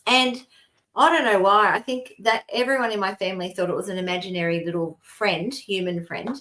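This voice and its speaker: An Australian woman in middle age co-hosts a relaxed podcast. She tells long personal stories in a meandering, chatty way, often breaking into laughter as she goes. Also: mid-range voice, brisk. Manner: rambling storytelling with frequent laughs. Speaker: co-host. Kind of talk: casual podcast chat.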